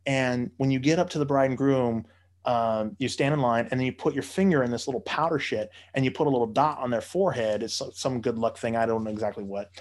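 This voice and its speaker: Brief: male raconteur, mid-range pitch, swears freely, laughs through his own anecdotes. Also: fast talker, darkish tone. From United States. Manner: profane, laughing, mimics people in quotes. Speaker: podcast storyteller. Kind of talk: casual storytelling.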